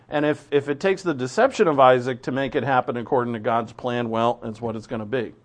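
A man preaching, reading scripture aloud and commenting on it in a conversational way with restarts and asides. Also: fairly high pitch. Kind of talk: verse-by-verse Bible teaching.

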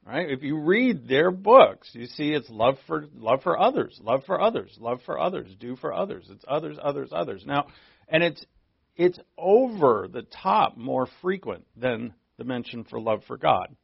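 Gravelly male pastor, conversational sermon. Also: fairly high pitch, big pitch swings, normal speed, no room sound, dull audio. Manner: conversational preaching, asks the congregation questions.

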